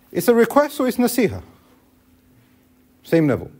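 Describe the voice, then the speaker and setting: A man's voice: medium pitch, sing-song, quick pace, long pauses, a little mellow. A man teaching a classroom lesson on Islamic law, explaining step by step and asking the class questions.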